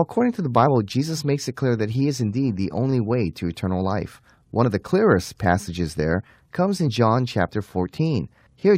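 A man giving an earnest apologetics talk, slowing down to stress key phrases. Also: lowish voice, darkish tone, no room sound, studio quality. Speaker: Christian apologist teacher.

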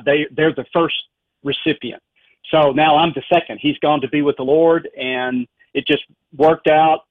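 A man's voice: fairly high pitch, dry recording. A man with a Southern US accent, a philosophy professor answering interview questions in a chatty, folksy way. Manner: chatty, folksy, laughs easily. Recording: tinny phone line.

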